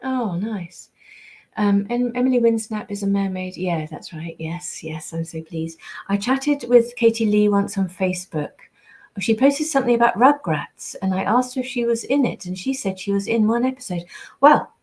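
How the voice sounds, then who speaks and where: A woman's voice: medium pitch, moderate pace, a little mellow. A British woman, a voice actress, chatting casually on a live signing stream, reading out viewer comments and answering them. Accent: British English.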